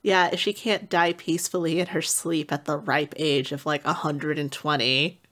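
A woman with a fairly low voice talks casually about a book she has read. She is animated and slips into quick voices to act out what the characters say. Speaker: podcast co-host.

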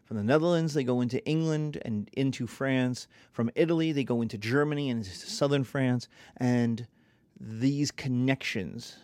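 A man lecturing on history in a lively, conversational way, sometimes acting out little voices. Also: medium pitch, no echo.

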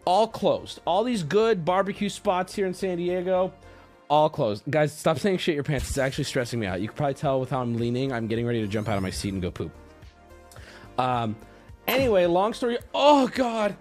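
Brief: male streamer, casual storytelling, lively swooping pitch, fairly high voice, profane and self-mocking. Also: fairly quick, soft background music. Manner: animated, swearing, laughs at own stories.

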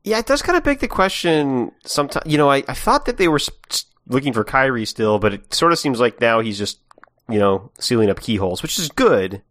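A man's voice: mid-range voice, big pitch swings, fairly quick, fairly bright tone. A man co-hosting a podcast, reacting with short replies and musing questions about the game. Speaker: podcast co-host. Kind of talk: casual chat reacting to a game recap.

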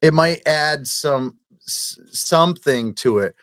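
A man in a casual chat, jokey and animated, often restarting sentences. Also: a little high, slow pace, no room sound.

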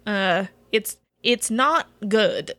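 Big gruff friendly park ranger voiced by a woman in a tabletop game, easygoing and chatty, mid-pitched, dry close sound. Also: animated, drawn-out words, sharp tone, no echo, exaggerated voice. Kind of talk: tabletop role-play.

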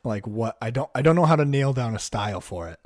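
A man's voice: medium pitch, expressive, fast. Hesitant man chatting about music. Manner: hesitant, searching for words, dry jokes. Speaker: podcast co-host. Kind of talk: casual music review chat.

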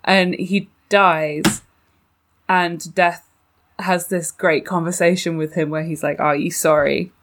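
Lower-voiced woman retelling book scenes. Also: takes it slowly, noisy background. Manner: animated, retells scenes, laughs between points. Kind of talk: casual book discussion chat.

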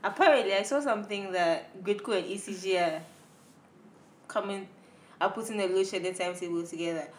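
A woman's voice: mid-range voice, a little fast, a little hiss or hum. A young woman, co-hosting a casual podcast chat in a playful, sassy way. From Ghana. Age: young adult. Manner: playful, sassy, animated when joking. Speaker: podcast co-host. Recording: roomy room echo.

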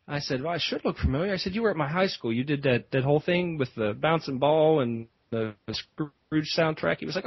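Man, podcast host, husky, slightly high voice, dull lo-fi sound. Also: expressive, fairly quick, no echo. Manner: rambling, lots of fillers and restarts. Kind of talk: casual storytelling.

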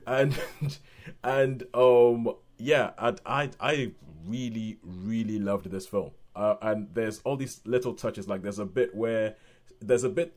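A man reviewing a film in casual chat, rambling with many restarts and getting animated when excited. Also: medium pitch, normal speed. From Nigeria. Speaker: film podcast host.

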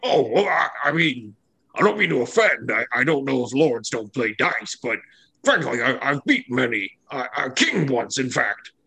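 A man's voice: mid-range voice, big pitch swings, normal speed, vocal fry, bright, forceful tone, husky, full character voice. A man voicing a huge, clumsy, friendly male stranger who stammers eagerly. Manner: stammering and eager, keeps asking to play dice.

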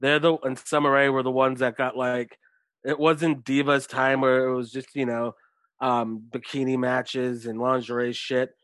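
A man's voice: mid-range voice, little pitch movement, moderate pace, fairly bright tone, dry recording. A man co-hosting a casual wrestling chat, joking and sarcastic, swearing often. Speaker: podcast co-host.

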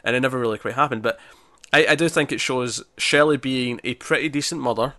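A man's voice: mid-range voice, fairly quick, bright, forceful tone, dry recording. A man, chatting casually as he recaps a TV episode, often acting out quotes. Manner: chatty, lots of fillers and acted-out quotes. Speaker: podcast co-host.

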